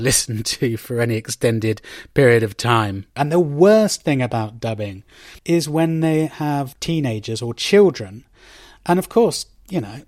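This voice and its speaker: A man's voice: mid-range voice, darkish tone, no room sound, studio quality. A man hosting a podcast for Spanish learners, talking casually through wry, emphatic opinions with plenty of ums and self-corrections. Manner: chatty and rambling, with frequent ums and self-corrections; wry and emphatic, with mock outrage.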